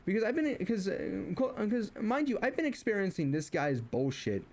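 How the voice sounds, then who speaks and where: A man's voice: high voice, huge pitch swings, normal speed, a little mellow. A young man streaming, ranting casually about family, rambling with many restarts and fillers and rising when riled. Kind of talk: casual rant while streaming.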